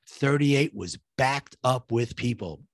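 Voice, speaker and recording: A man's voice: medium pitch, animated, slow, gravelly, no room sound, clean studio sound. A middle-aged man tells a personal survival story, acting out what each person said and building suspense. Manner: vivid, reenacts dialogue, builds suspense. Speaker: guest telling his story.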